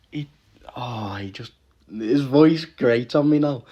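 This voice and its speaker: A man in a loose, expletive-laden reaction rant, restarting his sentences as he goes. His voice sits in an ordinary mid pitch for a man. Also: slow, mellow. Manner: swears constantly, laughs often, rants with restarts. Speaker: MMA reaction vlogger.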